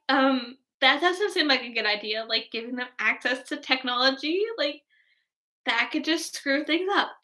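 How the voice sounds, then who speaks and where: A young woman vlogger chatting casually about a movie, gushing and excitable, filling her talk with "like". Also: sits high. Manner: gushing, heavy use of "like", excitable fangirl tone. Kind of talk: casual movie review chat.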